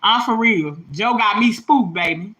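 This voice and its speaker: A woman, hosting a livestream and telling stories in an animated way, laughing, swearing and calling her viewers y'all and baby. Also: medium pitch, unhurried, rough recording. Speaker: livestream host. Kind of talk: casual storytelling to viewers. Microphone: phone or webcam livestream.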